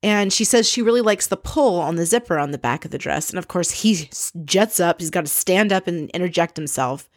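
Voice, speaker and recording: A woman's voice: on the low side, expressive, a little fast, hardly any pauses, no echo, clean studio sound. A woman hosting a casual recap of a reality show, blunt and exasperated, swearing freely.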